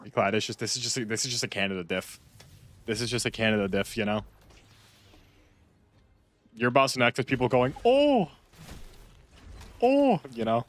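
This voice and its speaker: A man chatting casually while playing a game, rambling and repeating himself, with sudden loud outbursts. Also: lowish voice. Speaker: gaming streamer. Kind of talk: casual gameplay chat.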